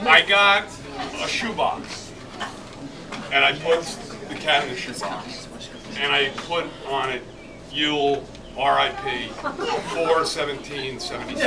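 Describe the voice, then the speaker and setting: A middle-aged man telling a comic anecdote at a reunion, laughing as he goes and breaking into loud outbursts. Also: fairly high pitch, animated, unhurried, long pauses, background noise. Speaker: storyteller at a reunion. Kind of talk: animated anecdote told to a crowd. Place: crowded reunion gathering. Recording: distant camera audio in loud crowd.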